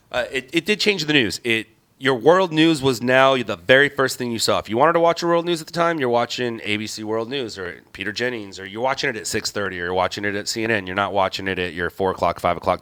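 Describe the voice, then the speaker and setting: Man, news stringer guest, low pitch, bright tone, blunt and profane storyteller. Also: clear, resonant tone. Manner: blunt, storytelling, swears casually. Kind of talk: casual chat.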